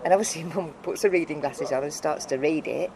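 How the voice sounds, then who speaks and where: A middle-aged woman telling a personal story as an interview guest, heartfelt and halting, often restarting her sentences. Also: low-pitched, vocal fry, noisy background. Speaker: interview guest, foundation founder.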